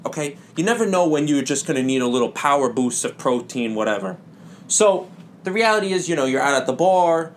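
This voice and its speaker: A young man hosting a comedy podcast, telling rambling absurd stories in a deadpan way with sudden loud bursts. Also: medium pitch, a little hiss or hum. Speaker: podcast host. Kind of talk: absurd comic storytelling.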